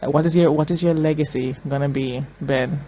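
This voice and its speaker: Brief: reaction-video host, emotional and tearful, halting commentary full of repeats, mid-range voice. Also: medium pitch, steady tone, dark tone, a little hiss or hum, poor audio. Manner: emotional, repeats phrases, thinks aloud with many restarts.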